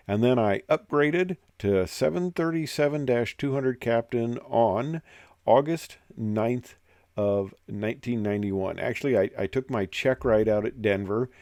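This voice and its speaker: Older man, low voice, rambling storyteller. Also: a little mellow, no room sound, clean studio sound. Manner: rambling, many fillers and digressions. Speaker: retired airline captain telling stories. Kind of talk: casual storytelling.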